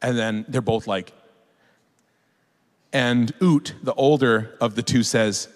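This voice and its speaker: A man in his forties telling stories to an audience from a stage, animated and cussing, acting out voices. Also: mid-range voice, slow pace, pauses often. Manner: animated, swearing, acts out kids' voices. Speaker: author on stage. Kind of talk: storytelling to an audience. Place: large opera hall. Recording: echoey hall from the stage.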